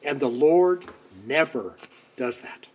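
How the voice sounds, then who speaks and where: A man preaching a conversational sermon, acting out quoted voices and dropping to soft asides. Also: on the high side, animated, slow pace. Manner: conversational, dramatic swings between loud outbursts and soft asides.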